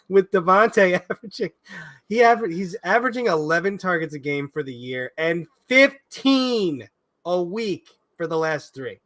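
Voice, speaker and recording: Higher-voiced joking man. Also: lively intonation, moderate pace, a bit bright. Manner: joking and laughing, with loose swearing. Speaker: podcast co-host, sports betting picks. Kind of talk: casual sports betting chat.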